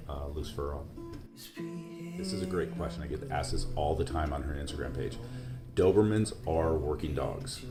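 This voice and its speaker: Very deep-voiced man explaining calmly. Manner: calm, plain explaining. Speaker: dog owner explaining care. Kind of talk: casual talk to camera.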